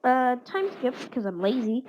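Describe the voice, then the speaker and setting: A woman's voice: high-pitched, big pitch swings, moderate pace, darkish tone, a little hiss or hum. Young woman rambling through a fan story. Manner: rambling, stumbling, with many fillers and whispered asides. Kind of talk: casual improvised fan story narration. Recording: dull lo-fi recording.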